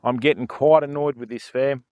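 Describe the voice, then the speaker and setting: A man's voice: medium pitch, fairly even intonation, moderate pace, a little mellow, smooth, no echo, dull audio. An older Australian man chatting casually on a fishing livestream outdoors by a river, greeting viewers and often adding "mate" and "you know".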